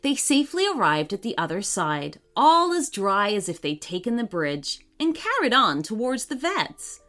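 A woman narrating a children's story in a gentle, expressive reading manner. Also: mid-range voice, normal speed. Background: faint music.

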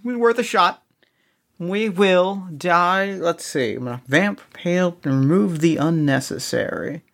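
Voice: mid-range voice, measured pace, creaky. A player in an escape-room game who thinks aloud, restarts sentences and jokes at their own expense. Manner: restless restarts, self-mocking.

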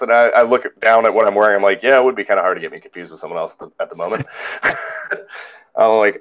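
A man telling a story in casual chat as a podcast host, animated and acting out the people in it. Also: mid-range voice, quick pace, dull audio. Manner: animated, mimics others in quoted lines.

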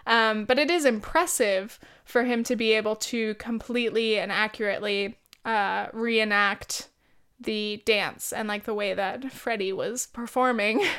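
Young woman, twenties, podcast host, casual rambling chat, smooth voice, slightly high. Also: fairly bright tone. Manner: rambling and candid, with many likes and ums.

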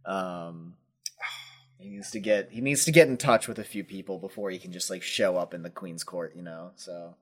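A man's voice: sits low, normal speed, husky. A man playing a tabletop game, thinking aloud with hesitations. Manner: thoughtful, hesitant. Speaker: player.

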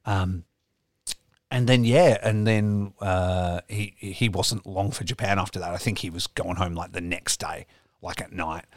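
A man's voice: low-pitched, steady tone, a little slow, dry recording, clean studio sound. A young adult man, co-hosting a podcast and telling long, rambling, profane stories with plenty of laughing. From Australia. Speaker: podcast co-host. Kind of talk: casual podcast chat.

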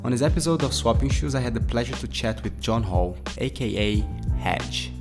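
A man's voice: medium pitch, expressive, moderate pace. A man hosting a podcast, chatting in a friendly way and laughing easily. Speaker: podcast host. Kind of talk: casual podcast interview. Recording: faint music and machine hum.

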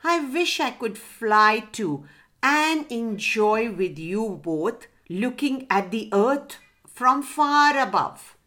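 A woman voicing a gentle young male pig in a children's story, longing and hopeful. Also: fairly high pitch, lively intonation, slow pace, exaggerated voice. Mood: wistful. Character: wistful young male pig dreaming of flying.

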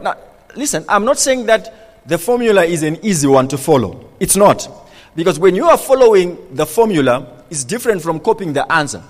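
High-voiced preacher man in a reverberant hall. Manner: animated preaching with rhetorical questions to the congregation. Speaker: pastor. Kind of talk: sermon.

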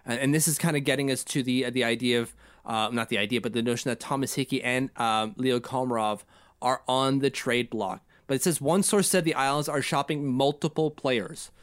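A man's voice: medium pitch, fairly quick. A man whose first language is French, co-hosting a casual podcast chat and acting out quoted voices. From French-speaking. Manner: animated, acts out quoted voices. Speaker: co-host.

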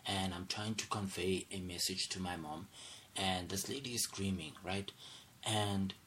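A man's voice: low-pitched, steady tone, a little slow, a bit bright, slight background noise. A young man hosting a solo podcast, angry and agitated, asking "do you understand" over and over. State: angry, irate. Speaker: podcast host.

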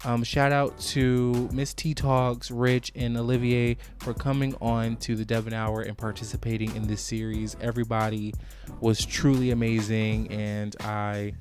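A young man hosting a podcast interview, excitable and slangy, laughing often. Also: mid-range voice, unhurried, faint music behind. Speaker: podcast host.

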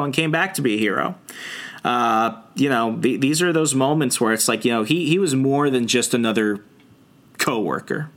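A man's voice: medium pitch, a bit bright. A young man on a podcast, recapping a comic book in casual chat and acting out the characters' lines. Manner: retells scenes, acting out lines in quick voices. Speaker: podcast co-host.

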